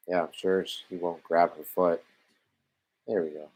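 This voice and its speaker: A man's voice: deep voice, steady tone, measured pace, darkish tone, slightly rough. Sarcastic, swearing Canadian man. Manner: exasperated, sarcastic, swears freely. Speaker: movie commentary live-streamer. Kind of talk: casual live commentary over a film.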